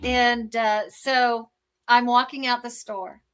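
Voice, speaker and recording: A woman author and life coach, a guest on a talk show, telling personal stories in a lively way and acting out the dialogue. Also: fairly high pitch, slow pace, smooth. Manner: animated, acts out dialogue in anecdotes. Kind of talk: conversational storytelling.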